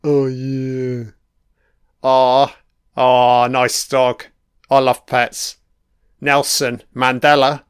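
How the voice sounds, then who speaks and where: A man with a smooth, clean voice talks unhurriedly over an episode, tossing crude, mocking jabs at the characters. The recording is dry and close, with no room sound. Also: medium pitch, level tone, very slow, no room sound. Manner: profane, mocking, heckles characters on screen. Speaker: film commentator. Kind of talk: watch-along episode commentary.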